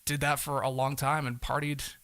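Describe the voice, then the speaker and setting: Young guy guest rambling thru his story, bright clear voice, dry close sound. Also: mid-range voice, normal speed, no room sound. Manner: relaxed, rambling, fond of "kind of a thing". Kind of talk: casual storytelling.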